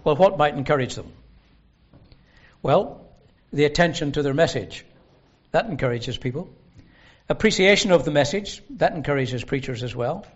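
A man preaching a sermon in a gospel hall, earnest and emphatic, slowing down to stress the scripture he quotes. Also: on the high side, expressive. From Northern Ireland. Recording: dull lo-fi sermon recording.

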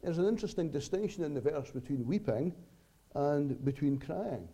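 A man preaching a sermon to his congregation, earnest, with dramatic pauses and sudden swells and drops in volume. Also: on the high side, lively intonation, mellow.

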